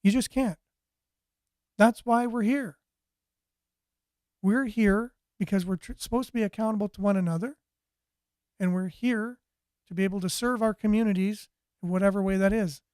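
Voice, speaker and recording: A man's voice: high-pitched, normal speed, long pauses, a little mellow, clear, resonant tone, no echo, studio quality. A man hosting a commentary show, ranting sarcastically with a stream of rhetorical questions. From Canada. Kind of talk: political commentary monologue.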